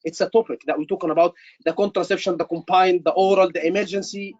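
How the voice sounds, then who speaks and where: A man's voice: high voice, fairly even intonation, fast talker, a little mellow, no room sound, muffled recording. A man tutoring students for a medical exam, emphatic and repeating his words. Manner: emphatic, repeats words, says "brother" often. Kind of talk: online teaching session.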